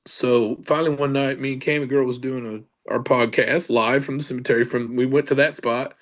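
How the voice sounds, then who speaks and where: A man's voice: mid-range voice, fairly even intonation, brisk. A middle-aged man, a paranormal investigator, telling a casual story with many fillers and restarts.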